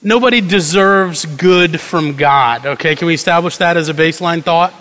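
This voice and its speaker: A man's voice: fairly high pitch, moderate pace, a bit bright, in a large hall, low-quality recording. A man preaching a sermon in a conversational way, acting out quoted prayers and tossing asides to the congregation. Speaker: pastor.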